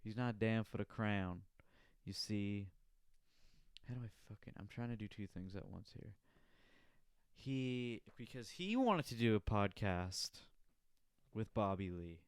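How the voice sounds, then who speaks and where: A man's voice: on the low side, expressive, measured pace, pauses often, clear, resonant tone, no echo, clean studio sound. A young man hosting his own podcast, rambling casually with lots of swearing and laughing at his own jokes. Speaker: podcast host. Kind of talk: casual solo podcast chat.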